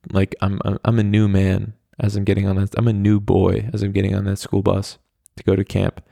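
Gravelly low-voiced American man telling stories. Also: completely flat delivery, brisk, warm tone, no room sound, studio quality. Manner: rambling, frequent "like" fillers, candid and profane. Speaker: podcast host. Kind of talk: casual storytelling monologue.

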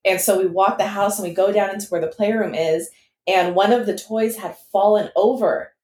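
A young woman co-hosting a podcast, telling a story in casual chat, animated and swearing freely. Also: mid-range voice, moderate pace, reverberant. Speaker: podcast co-host.

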